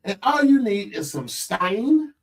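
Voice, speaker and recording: A man hosting a casual live stream from a home computer setup, talking about side businesses in an animated, incredulous way with lots of restarts. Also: high voice, takes it slowly. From Florida. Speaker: host.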